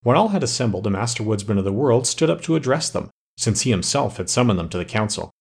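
A man narrating a fairy tale as an audiobook, in a steady, measured way. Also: fairly low pitch, gravelly, slightly rough.

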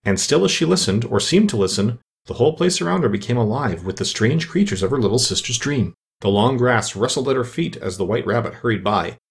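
A man's voice: mid-range voice, lively intonation, fairly quick, gravelly, hardly any pauses. A man narrating a children's storybook as an audiobook, reading expressively.

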